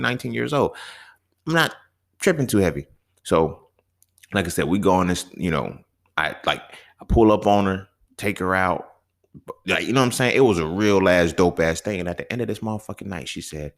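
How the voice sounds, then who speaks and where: A young man telling a casual, profane story as a podcast host, often asking "you feel me?" and swinging between low mutters and sudden high exclaims. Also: creaky.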